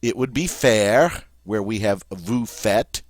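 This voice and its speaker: A man's voice: lowish voice, takes it slowly, no room sound. A man teaching French grammar, patiently spelling out verb forms letter by letter. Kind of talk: recorded grammar lesson.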